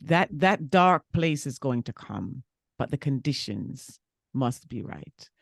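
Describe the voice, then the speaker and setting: A woman hosts a faith podcast and answers her guest with slow, unhurried affirmations. Her delivery is encouraging and deliberate. The recording is dry and close. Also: a bass voice, animated, creaky, no echo. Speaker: podcast host. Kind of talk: casual faith conversation.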